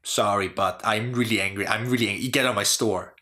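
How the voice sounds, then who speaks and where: A man voicing a petulant, easily angered male shopkeeper from a video game, speaking in a deeper, gruff tone. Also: fairly even intonation, quick pace, sharp tone. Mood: grumpy.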